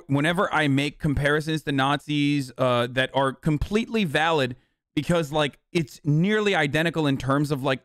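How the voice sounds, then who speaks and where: A man hosting a live stream, reacting to clips in a fast, profane, rambling way. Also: fairly high pitch, dry recording, studio quality. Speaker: streamer host.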